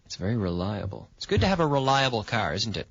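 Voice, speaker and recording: A man hosting a radio English lesson, patiently quizzing a student and stressing words with lively intonation. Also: lowish voice, fast talker, gravelly, breathy edge, dry recording. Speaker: English teacher and radio host. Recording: dull, lo-fi sound.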